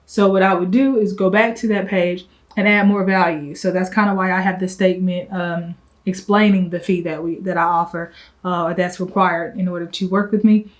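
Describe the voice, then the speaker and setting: A young woman who runs a travel agency, chatting fast and a little breathless to camera in a casual vlog, full of fillers and asides. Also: mid-range voice, low-quality recording. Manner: fast, rambling, breathless talk. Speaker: travel agent business owner.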